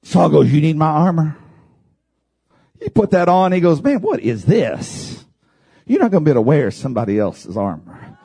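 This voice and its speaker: A man preaching a fervent sermon, building to shouted climaxes and dropping into dramatic pauses. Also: fairly high pitch, expressive, creaky, husky.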